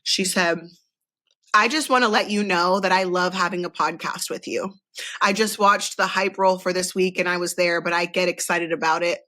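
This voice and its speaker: A woman's voice: lowish voice, fairly even intonation, normal speed, bright, forceful tone. A woman co-hosting a podcast in casual chat, candid and chatty, swearing freely. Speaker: podcast co-host.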